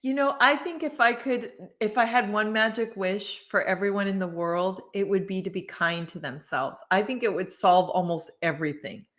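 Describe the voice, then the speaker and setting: A middle-aged woman reading her own book on a live stream and chatting warmly with viewers between passages. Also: medium pitch, normal speed, hardly any pauses. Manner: warm, gushing, chats with viewers between passages.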